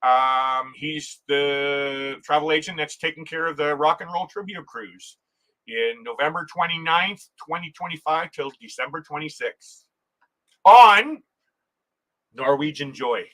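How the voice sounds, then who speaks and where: A man's voice: fairly high pitch, unhurried, fairly bright tone, low-quality recording. A man hosting a casual travel livestream, reading viewer comments aloud, chatting and laughing often, restarting his sentences. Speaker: livestream host.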